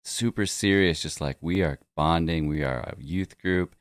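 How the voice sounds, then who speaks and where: A man's voice: low-pitched, normal speed, dry recording, studio quality. A man hosting a casual video podcast, talking easily and laughing often. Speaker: podcast host. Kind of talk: casual chat.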